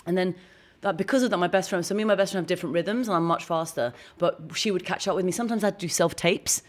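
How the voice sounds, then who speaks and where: A woman, a guest on an interview show, telling a long story quickly and with energy. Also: lowish voice. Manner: fast, animated storytelling with laughs. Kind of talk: casual interview chat.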